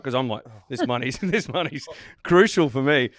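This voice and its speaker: A man's voice: medium pitch, lively intonation, a little fast, no room sound. A man with an Australian accent, a former rugby player co-hosting a podcast, telling anecdotes casually and laughing as he goes. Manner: chatty, laughs through his stories. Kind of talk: casual storytelling chat.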